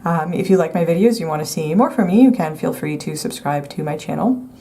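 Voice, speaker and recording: A woman's voice: low-pitched, animated, a little fast, warm tone. A woman giving a pick-a-card tarot reading to camera, talking in a meandering, hedging way with many restarts. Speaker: tarot reader.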